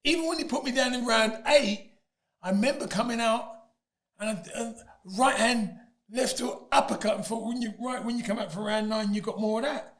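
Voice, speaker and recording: Brief: man in his fifties, a high, lively storyteller who laughs often. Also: normal speed. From Britain. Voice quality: laughs often mid-story, loud emphatic bursts. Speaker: guest. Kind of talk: animated storytelling.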